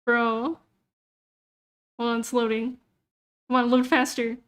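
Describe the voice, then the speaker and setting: A young woman with a high voice talks loosely on a livestream. She mutters to herself as she clicks through a website and swears freely. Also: little pitch movement, takes it slowly, clear, resonant tone. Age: young adult. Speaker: VTuber streamer. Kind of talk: casual livestream chat.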